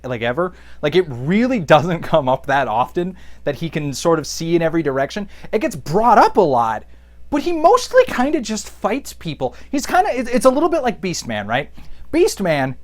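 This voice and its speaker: Rambling, animated comic reviewer. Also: mid-range voice. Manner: rambling, jokey, lots of fillers. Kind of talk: casual comic recap.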